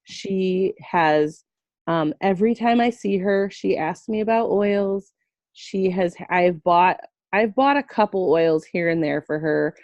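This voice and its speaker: A woman's voice: lowish voice, slow, darkish tone, no echo. A woman in her thirties who sells essential oils, telling a story in casual chat on a video call, animatedly quoting herself and her friend. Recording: dull lo-fi video call audio.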